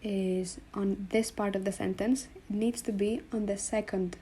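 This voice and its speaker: Woman, language teacher, slow and patient, mellow tone, faint room noise behind. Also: medium pitch, steady tone. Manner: slow, patient, spells out sounds and repeats them. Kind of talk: explaining letters on a board.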